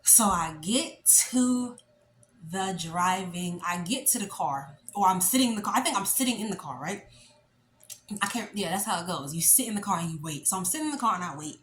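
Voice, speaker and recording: A woman in her late twenties telling a story in a casual, animated, chatty way, full of fillers. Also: fairly low pitch, fairly quick, slight background noise. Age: late 20s. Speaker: vlogger. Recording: echoey room with faint ambience.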